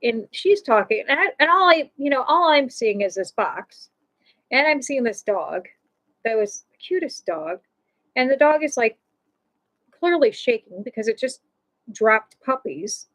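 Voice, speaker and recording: High-voiced woman telling a rambling story. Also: very animated, a little slow, fairly bright tone, low-quality recording. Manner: rambling and emotional, heavy with "you know" and restarts. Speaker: host of a live show. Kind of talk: personal storytelling.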